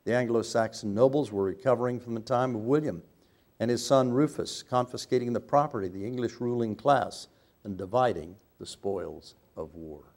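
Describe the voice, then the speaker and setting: A man's voice: medium pitch, moderate pace, a little mellow. An older American man giving a speech to an audience, telling anecdotes with wry asides and self-corrections. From United States. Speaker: speaker.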